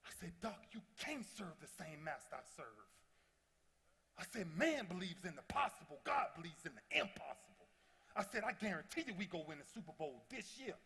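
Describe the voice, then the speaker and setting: A man's voice: high voice, big pitch swings, moderate pace, a little hiss or hum. Impassioned man speaking in a large hall. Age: 30s. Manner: impassioned storytelling, swinging from loud to hushed. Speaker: motivational speaker. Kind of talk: motivational speech. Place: large convention hall before a big audience. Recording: long reverb of a large hall.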